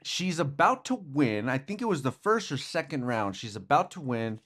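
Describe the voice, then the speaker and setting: A man's voice: mid-range voice, big pitch swings, moderate pace, fairly bright tone. A young man hosting a podcast, talking through sports news in a rambling, casual way with lots of fillers and restarts. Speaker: podcast host.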